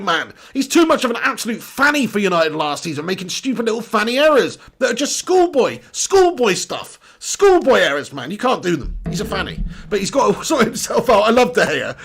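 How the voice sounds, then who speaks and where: A young English man hosts a live football chat and answers viewer comments. He talks bluntly and casually and swears freely. His voice sits high with a gravelly rasp. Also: a bit bright. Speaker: football channel host.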